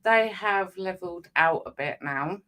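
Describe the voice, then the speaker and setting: Woman co-hosting a live chat, lowish voice, lots of ums. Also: measured pace, fairly bright tone. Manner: chatty, lots of fillers. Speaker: co-host of a weekly live stream. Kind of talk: casual chat.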